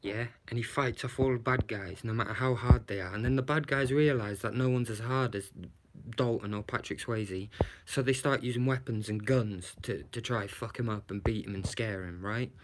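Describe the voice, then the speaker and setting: A man's voice: medium pitch, normal speed, noisy background. A man doing a live-streamed movie review from his phone, ranting with lots of swearing and rhetorical questions. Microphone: handheld phone camera, shaken while talking.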